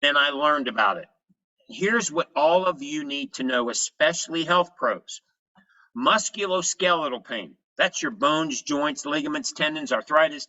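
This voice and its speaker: A man giving an energetic health presentation, telling his story in short punchy phrases. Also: fairly high pitch, lo-fi sound.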